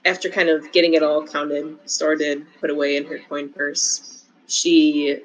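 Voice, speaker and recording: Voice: mid-range voice, little pitch movement, a little slow, low-quality recording. A player in an online tabletop game, describing her character's actions with fillers. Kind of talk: casual tabletop play.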